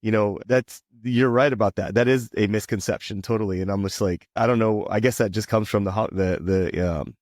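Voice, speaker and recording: A man's voice: lowish voice, fairly even intonation, brisk, few pauses, darkish tone, dry recording, studio quality. A man hosting an interview podcast, talking casually and rambling with lots of fillers. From Hawaii and Ohio. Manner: rambling, heavy on "you know" fillers. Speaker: podcast host.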